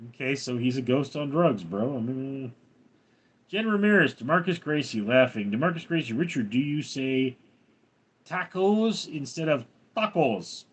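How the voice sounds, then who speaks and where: An older man hosting a livestream, reading viewer comments aloud in a dry, deadpan way. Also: medium pitch, normal speed, breathy edge. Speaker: livestream host reading chat. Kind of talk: casual livestream chat.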